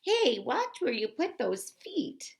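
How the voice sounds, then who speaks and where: A woman's voice: high-pitched, big pitch swings, slow, vocal fry, full character voice. A woman voicing tiny, brave baby bugs from a storybook who scold a bully in a sing-song way. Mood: sassy.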